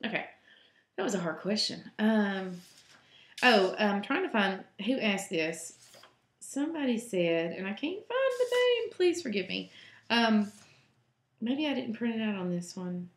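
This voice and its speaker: A Southern-accented woman talks casually through reader questions, wandering off track and filling gaps with ums. Her voice carries a steady creaky fry at a middle pitch. The recording has a noticeable room echo. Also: measured pace, long pauses. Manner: chatty and rambling, with many ums. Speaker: home cook answering reader questions. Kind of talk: casual question-and-answer vlog. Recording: roomy echo.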